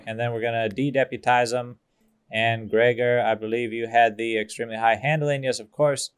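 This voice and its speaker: A man giving casual, goofy let's-play commentary over a strategy game, excitable and full of fillers. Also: medium pitch, clear, resonant tone. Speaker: gaming YouTuber.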